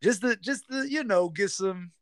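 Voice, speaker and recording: A man's voice: high voice, expressive, normal speed, fairly bright tone, dry recording. A man co-hosting a podcast in casual chat, telling stories in slangy talk with acted-out quotes. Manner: laid-back slangy storytelling with acted quotes. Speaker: podcast co-host. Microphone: remote recording setup. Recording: dry remote recording.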